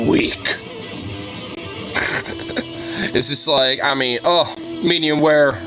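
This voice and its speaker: A man's voice: a little high, huge pitch swings, takes it slowly. A man chatting casually among friends, joking and laughing, with plenty of fillers. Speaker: podcast host. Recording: music playing behind.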